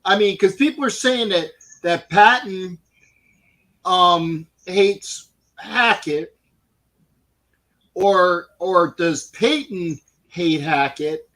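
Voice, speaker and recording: A man hosting a casual sports talk show, loud and animated, calling people "shipmate". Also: high-pitched, very slow, pauses often, low-quality recording. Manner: loud, animated, pirate-captain slang like "shipmate". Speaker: podcast host.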